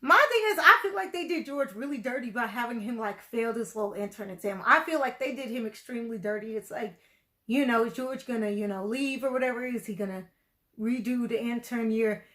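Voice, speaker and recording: A woman with a slightly high voice talks through her reaction to a TV episode. She rambles loosely, leaning on "like" and "you know" as she thinks aloud in casual commentary. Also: brisk, pushed and bright. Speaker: video reactor.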